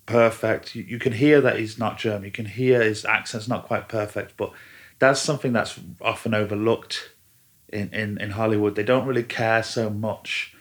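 A man's voice: lowish voice, steady tone, normal speed. A man talking in casual chat, rambling with many restarts and fillers. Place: lives in a German-speaking country.

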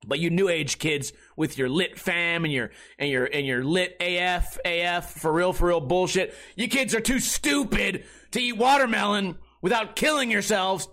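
A man with a high, sharp, bright voice hosts a comedy podcast. He rambles through crude, profane stories and keeps breaking off and restarting his sentences. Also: normal speed, few pauses. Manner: crude, profane storytelling with laughter. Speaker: podcast host and streamer. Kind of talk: comedic casual chat.

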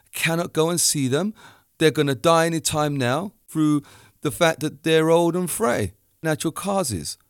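A man's voice: fairly high pitch, no room sound, clean studio sound. A man from the UK talking straight at the listener in a ranting monologue, acting out both sides of his stories. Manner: animated storytelling, acts out both sides of dialogue.

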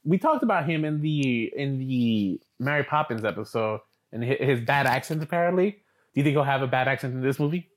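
A man co-hosting a podcast in casual chat, chatty and animated, quick to joke and react. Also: mid-range voice. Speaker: podcast co-host.

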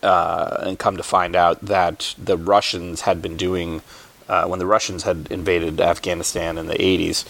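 A man's voice: low voice, flat delivery, normal speed, creaky, fairly bright tone. A man hosting a movie podcast in casual chat, rambling with plenty of fillers and frequent chuckles. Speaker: podcast host.

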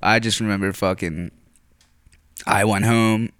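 Young Philly guy, lowish voice, dry close sound, swears and rambles through a casual story. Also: steady tone, unhurried, fairly bright tone, no room sound. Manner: rambling, profane, filler-heavy, frequent throat clearing.

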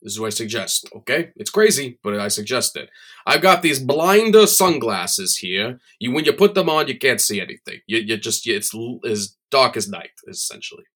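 A man's voice: mid-range voice, very animated, normal speed, fairly bright tone. A man playing a boastful, crude Hollywood voice guru who rambles and drops names as a guest on an improvised comedy podcast. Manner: rambling, name-dropping, self-important.

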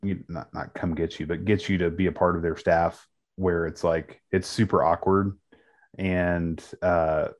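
A man co-hosting a casual podcast, asking a question haltingly and searching for his words. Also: deep voice, fairly even intonation. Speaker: podcast co-host, minister. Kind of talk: casual chat.

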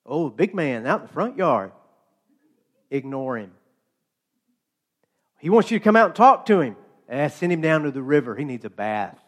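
A man's voice: fairly high pitch, sing-song, normal speed, pauses often, a bit bright, voice pushed down. Dismissive unbothered prophet, a man putting him on, offhand shrugging tone, hall echo. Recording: long hall reverb.

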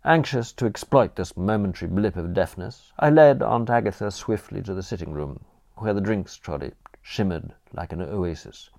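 A man narrating a comic audiobook in first person, his low voice swooping through a wide, lively range. The delivery is wry and animated throughout. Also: normal speed.

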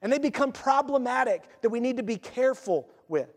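Male preacher, very high-pitched, chatty and needling, sermon recorded in an echoing sanctuary. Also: fairly quick. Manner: animated, conversational, sarcastic rhetorical questions. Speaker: pastor. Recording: long reverb of a church hall.

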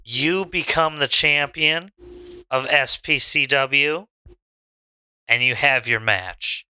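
A man's voice: slow pace, sharp tone, clear, resonant tone, no room sound. A man doing a drawling Southern wrestler. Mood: boastful. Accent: American Southern. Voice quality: drawling, raised pitch. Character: cocky male pro wrestler, folksy and boastful. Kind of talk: in-character wrestling promo.

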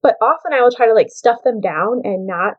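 A woman in her thirties hosting a solo podcast, telling a personal story in a chatty, animated way full of "like" and quoted self-talk. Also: a little high, brisk, lo-fi sound. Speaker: podcast host.

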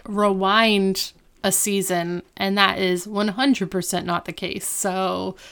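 A woman with a smooth, clear voice chats casually as a podcast co-host, retelling an episode scene by scene. She slips into the characters' lines with lively emphasis. Her pitch sits in an ordinary middle range. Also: takes it slowly. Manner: animated retelling, acting out quoted lines. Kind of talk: casual chat.

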